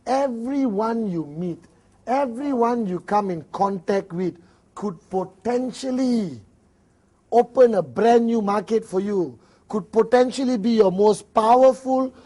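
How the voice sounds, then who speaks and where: A man with a very high-pitched, mellow voice and a Malaysian English accent leads a motivational network marketing seminar. He acts out little dialogues and laughs often.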